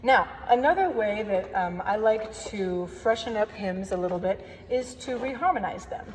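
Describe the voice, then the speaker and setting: A woman organist leads a relaxed workshop lesson on hymn playing, friendly and chatty with playful asides. Her mid-pitched voice rings out in a long, lingering reverb. A faint hiss sits under the recording. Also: moderate pace.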